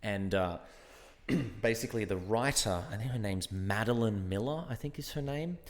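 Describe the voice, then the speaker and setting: A man's voice: fairly low pitch, expressive, normal speed, big-room sound. An Australian man, an actor and guest, chatting casually and thinking aloud, often restarting his sentences. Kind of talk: casual podcast chat.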